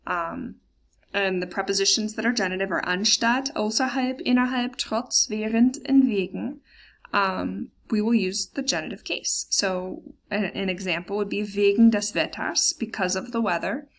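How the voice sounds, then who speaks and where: A woman teaching a recorded German grammar lesson over slides, explaining plainly with lots of ums and uhs, slowing down for example words. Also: medium pitch. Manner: plain explanatory tone with frequent fillers.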